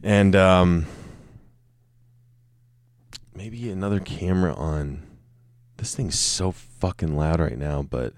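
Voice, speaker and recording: Deep-voiced man rambling on a solo podcast. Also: a little slow, faint music behind. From Colorado, United States. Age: 30s. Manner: rambling, self-mocking, swears freely. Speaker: podcast host. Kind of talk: casual solo podcast monologue. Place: room with a camera and light set up.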